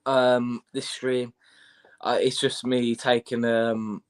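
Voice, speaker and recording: A man's voice: medium pitch, level tone, slow, smooth. A man co-hosting a casual football stream, stuffy with hay fever and a bug, repeating his points in a laid-back way. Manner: laid-back, repetitive, fan talk. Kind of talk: casual chat.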